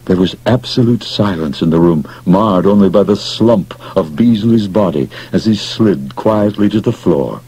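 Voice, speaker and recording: A man narrating an audiobook in an expressive, dramatic storytelling manner. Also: lowish voice, measured pace, few pauses, husky, poor audio.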